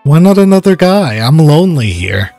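A man's voice: on the high side, very animated, normal speed, vocal fry, a little mellow, soft background music. A man giving casual let's-play commentary, swearing and laughing while he reads game dialogue aloud. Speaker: gaming channel host.

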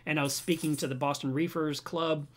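A man hosting a home livestream about reef aquariums, chatting casually to his webcam and telling stories in an animated way. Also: a little high, brisk. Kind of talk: casual livestream chat, reading viewer comments.

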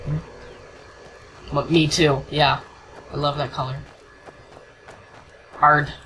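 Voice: medium pitch, flat delivery, slow pace, pushed and bright, a little hiss or hum, poor audio. A gamer giving casual, goofy commentary while playing, joking and humming nonsense tunes. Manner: goofy, sings nonsense and jokes at the game. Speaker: gameplay commentator. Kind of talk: casual let's-play commentary.

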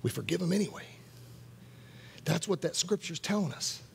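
A man's voice: high-pitched, expressive, moderate pace, creaky, a little hiss or hum. A man preaching at a worship night, earnest, repeating key phrases for emphasis. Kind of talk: sermon.

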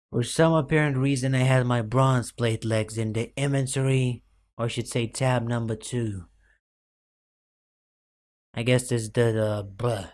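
A man's voice: medium pitch, darkish tone. Young male gaming vlogger, mid-range voice with cracks, rambling self-mocking delivery, lots of fillers. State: voice cracking late at night. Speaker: gaming YouTuber. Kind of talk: rambling gameplay commentary.

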